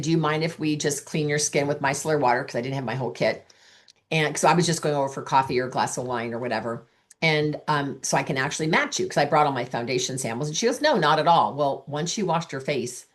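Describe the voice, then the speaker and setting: A woman's voice: low voice, fast talker. A middle-aged woman coaching sales consultants, telling stories and acting out the dialogue she quotes. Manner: chatty, acts out quoted dialogue. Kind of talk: coaching talk with anecdotes.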